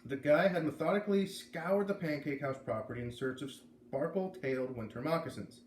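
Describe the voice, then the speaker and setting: A man reading a chapter of a novel aloud, voicing the characters with lively shifts. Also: fairly high pitch, normal speed, roomy sound, slight background noise. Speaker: reader.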